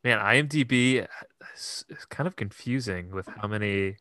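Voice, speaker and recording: Low, bright-toned man chatting hesitantly. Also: normal speed, dry recording, studio quality. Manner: hesitant, many fillers and restarts. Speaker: podcast co-host. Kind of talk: casual film chat.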